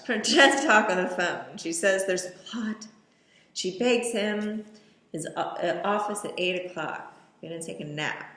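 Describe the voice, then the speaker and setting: A woman's voice: sits low, fairly bright tone, roomy sound. A woman giving a casual running commentary on a film, describing scenes and throwing in wry, sarcastic asides.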